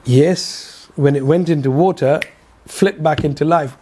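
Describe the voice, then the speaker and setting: A man with a high-pitched voice delivers a religious lecture as a Quran teacher. He tells the story in a storytelling way, asks his listeners rhetorical questions and breaks off into asides. He often hesitates on fillers and repeats words. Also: unhurried, warm tone, slightly rough.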